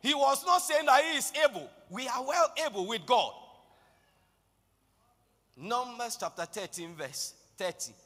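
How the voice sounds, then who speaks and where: A male preacher with a very high, piercing, brilliant voice delivers an impassioned sermon. His words ring out with a long reverb, as in a large hall. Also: lively intonation, unhurried, long pauses. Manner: impassioned, building to shouted declarations.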